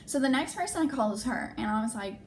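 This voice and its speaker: A woman's voice: fairly high pitch, fast talker, a little hiss or hum. A young adult woman vlogger telling a personal story in a casual way, acting out what people said and often saying "like". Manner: animated, acts out quoted dialogue, frequent "like".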